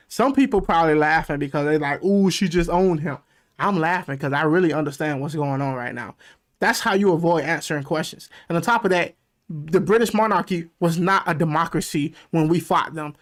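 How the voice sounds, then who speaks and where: Animated man reacting, swearing freely. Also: high-pitched. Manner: animated, profane, laughing asides. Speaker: reaction video host. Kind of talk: casual reaction commentary.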